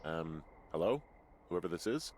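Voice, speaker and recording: A tired, dry-humored fire lookout in a video game. His voice sits low and even, delivering sarcastic lines flatly. He sounds worn out and unimpressed. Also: normal speed, background noise. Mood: weary dry. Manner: deadpan, sarcastic.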